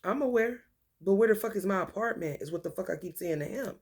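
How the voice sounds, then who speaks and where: A woman's voice: medium pitch, fast talker, breathy edge. Profane rambling woman. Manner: profane, free-associating, animated. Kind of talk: rambling casual monologue.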